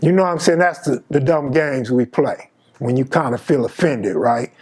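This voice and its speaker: A man's voice: medium pitch, normal speed, slightly rough. A man in his fifties from Los Angeles telling a personal story in casual, slangy street talk, acting out the dialogue. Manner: slangy, animated, acts out dialogue. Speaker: storyteller host.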